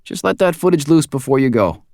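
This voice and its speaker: Audiobook side part: man doing a pushy, loud supervisor, voice pitched well up from the narrator's, dry booth sound. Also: sing-song, a little fast, no echo. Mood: brusque. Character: brusque male control-room supervisor.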